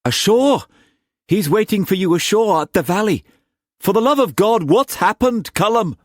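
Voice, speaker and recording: A man voicing an anxious, excitable middle-aged merchant uncle in an audiobook, speaking raised and urgent. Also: high-pitched, normal speed, dry recording, studio quality, voice pushed up. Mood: alarmed. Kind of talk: audiobook character voice.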